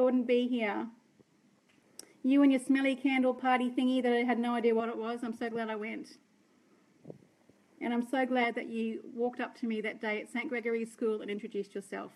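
An Australian woman, a sales director, chatting and rambling warmly to her team on a live stream. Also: a little high, level tone, moderate pace. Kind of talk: live-stream talk to viewers.

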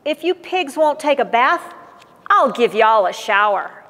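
A woman's voice: fairly high pitch, big pitch swings, a little slow, sharp tone, full character voice. A woman voicing an exasperated male farmer in a children's storybook reading, in a reverberant hall. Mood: scheming. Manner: exasperated exclamations. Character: grumbling male farmer trying to wash pigs.

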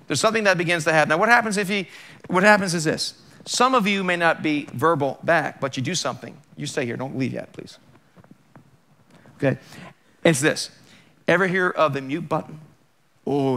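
Bright-voiced man preaching conversationally. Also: on the high side, brisk, gravelly, long pauses. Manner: conversational and emphatic, full of rhetorical questions. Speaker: pastor. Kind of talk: sermon. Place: church.

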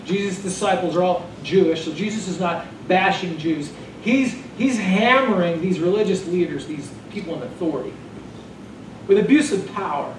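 A man preaching a sermon as pastor, animated and joking in a conversational way. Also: sits high, normal speed, a little hiss or hum. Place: church sanctuary. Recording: echoey room from far off.

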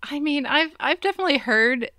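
A woman's voice: sits high, animated, brisk, bright, forceful tone, no room sound, clean studio sound. A woman co-hosting a podcast, chatting casually about a movie, laughing often and trailing off mid-thought. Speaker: podcast co-host. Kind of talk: casual chat.

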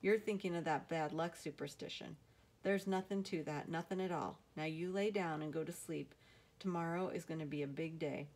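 Lady reading as a grumbly old grandpa in a storybook, lowish voice, scoffs at silly ideas. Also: normal speed, a little mellow. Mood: reassuring. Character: old grandfather, gruff, teasing, kindly. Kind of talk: audiobook reading.

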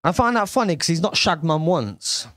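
Brash sweary young comic. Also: male voice, a little high, expressive, moderate pace, a bit bright. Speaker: stand-up comedian. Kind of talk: stand-up comedy set. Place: comedy club stage.

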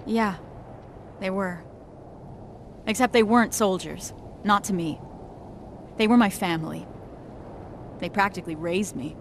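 A woman's voice: medium pitch, a little slow, long pauses, a little hiss or hum, natural voice. An actress playing a blunt, profane young female resistance soldier in a video game. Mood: subdued, grieving. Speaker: soldier, explosives specialist. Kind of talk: video game cutscene acting.

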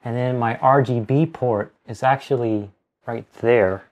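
A man walks through a hands-on build at home, talking plainly as he works. His voice sits at an ordinary middle pitch, and the tone stays casual and instructive. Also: steady tone, a little slow, darkish tone. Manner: explains steps plainly while working. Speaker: channel host building a PC.

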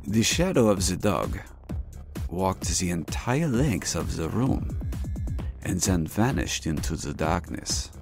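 A man telling a spooky childhood story in a put-on mock German accent, deadpan and crude. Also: deep voice, takes it slowly, vocal fry, music in the background, full character voice.

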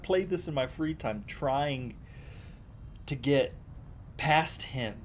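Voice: medium pitch, lively intonation, takes it slowly, a little hiss or hum. A young adult gaming host giving live commentary on a boss fight, panicky and exclaiming, often repeating himself. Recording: game music behind the voice.

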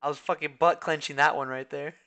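A man streaming a video game, reacting excitably, swearing a lot and talking to his chat. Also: on the high side, a little fast, clean tone. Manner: talks to chat and thanks followers. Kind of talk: live gameplay commentary. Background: faint game music.

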